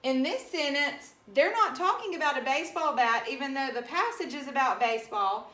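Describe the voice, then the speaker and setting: A woman teacher giving a recorded reading lesson, talking slowly and patiently and spelling words out letter by letter. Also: high voice, expressive, sharp tone. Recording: echoey room.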